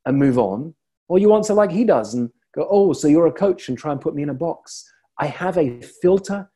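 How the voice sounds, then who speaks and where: A man who works as a leadership coach, giving a reflective motivational talk and telling stories with deliberate pauses. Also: mid-range voice, mellow, breathy edge.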